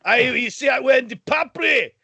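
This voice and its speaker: A man putting on a boisterous young Scottish Highland lad with a Scottish accent, hearty and loud. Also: normal speed, gravelly, slightly rough, no echo, exaggerated voice. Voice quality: loud, hearty, shouted greetings. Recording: dull dry video-call audio.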